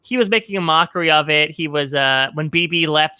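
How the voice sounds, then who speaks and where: Young man, articulate podcast guest, bright edgy tone, close dry mic. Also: fairly high pitch, clear, resonant tone, dry recording. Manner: quick, articulate, lots of "like". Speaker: podcast guest, reality TV writer. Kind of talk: casual podcast discussion.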